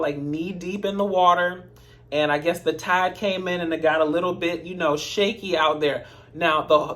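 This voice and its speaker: A man's voice: high-pitched, fairly bright tone. A man giving casual recap commentary on a TV episode, chatty, with sassy asides to his viewers. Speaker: TV episode reviewer.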